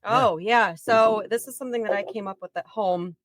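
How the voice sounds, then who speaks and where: A woman's voice: mid-range voice, normal speed, dry recording. A woman mixing a drink on a podcast, cheerfully explaining what goes in it. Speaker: guest bartender. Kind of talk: casual chat.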